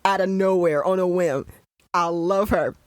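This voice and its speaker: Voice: mid-range voice, unhurried, clear, resonant tone, no echo, studio quality. A young adult podcast host giving casual commentary on a show, ranting in a profane, exasperated way.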